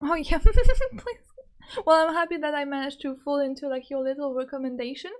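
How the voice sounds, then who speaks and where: A woman's voice: sits high, steady tone, a little fast. A young woman from France with a French accent, chatting casually and giggling often with her live-stream viewers.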